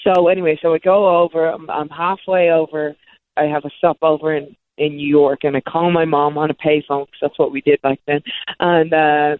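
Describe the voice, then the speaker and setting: A woman's voice: low-pitched, level tone, normal speed, no room sound. A woman in her thirties telling long personal stories as an interview guest, rambling with frequent restarts. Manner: rambling, self-correcting restarts. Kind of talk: candid storytelling. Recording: tinny phone-like line, dry.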